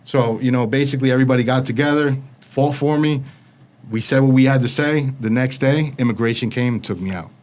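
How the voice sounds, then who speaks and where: A man's voice: medium pitch, brisk, darkish tone. A man as an interview guest, telling a blunt, streetwise story full of quoted dialogue.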